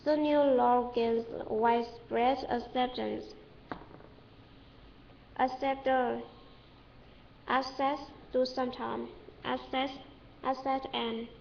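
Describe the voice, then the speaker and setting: Slow, high-voiced Vietnamese woman drilling words. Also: fairly even intonation, gravelly, slight background noise. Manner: halting, repeats each word several times, self-corrects. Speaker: English learner. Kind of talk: reading dictionary entries aloud for pronunciation practice. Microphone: webcam. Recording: echoey room, dull lo-fi webcam audio.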